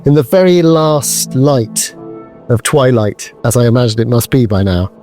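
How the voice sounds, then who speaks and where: A man in the middle of a tabletop game rambles and stops to restart, poking fun at himself as he plans his moves. His pitch is average, with faint music behind him. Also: lively intonation, darkish tone. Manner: rambling, self-deprecating, halting. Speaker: player. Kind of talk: casual tabletop role-play.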